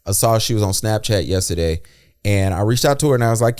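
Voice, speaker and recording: A man's voice: on the low side, fast talker. A man co-hosting a podcast, telling anecdotes in casual chat and acting out what people said. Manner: animated storyteller, acts out quoted dialogue. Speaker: podcast co-host.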